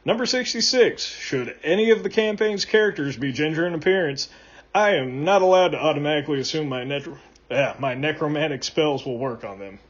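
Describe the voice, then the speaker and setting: Deadpan male list reader, fairly high voice, muffled lo-fi sound. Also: fairly quick. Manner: deadpan, dropping low at each punchline. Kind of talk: comedic list reading.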